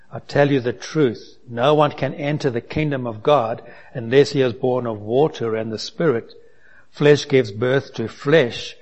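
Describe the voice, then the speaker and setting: A man's voice: medium pitch, darkish tone. A man preaching a sermon, asking the congregation rhetorical questions and reading aloud from scripture. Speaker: pastor.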